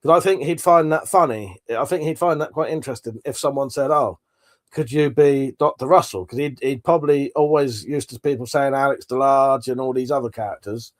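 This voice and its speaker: This livestream host speaks quickly in a mid-range voice, with few pauses. He chats loosely as he reads live comments out, cursing occasionally.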